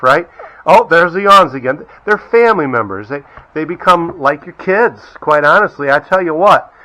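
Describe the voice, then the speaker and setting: A man's voice: fairly high pitch, fairly bright tone, poor audio. A middle-aged man casually chatting at home as he shows off his dog, rambling and breaking into baby talk with her. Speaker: vlogger, dog owner. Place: indoors at home.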